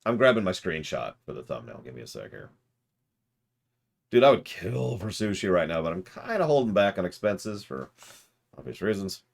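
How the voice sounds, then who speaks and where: A man's voice: low-pitched, sing-song, normal speed, vocal fry. A man streaming a video game, rambling and joking at himself as he plays. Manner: rambling, jokey, self-mocking. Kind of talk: let's-play commentary.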